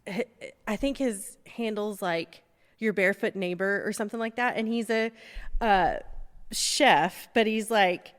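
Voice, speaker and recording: Middle-aged woman host, rambling casual storyteller with frequent laughs, mid pitch, long reverb on the track. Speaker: podcast host. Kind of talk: casual chat.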